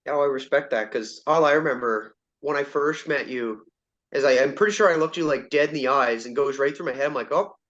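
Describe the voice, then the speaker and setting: A man's voice: medium pitch, a little fast, fairly bright tone. A man hosting a casual podcast, rambling and self-deprecating as he tells stories. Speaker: podcast host. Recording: dull lo-fi sound.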